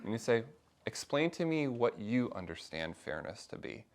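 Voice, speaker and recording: A middle-aged man of medium pitch speaks at normal speed as he leads a faith discussion class. He's conversational and animated with the small group and acts out the voices he quotes.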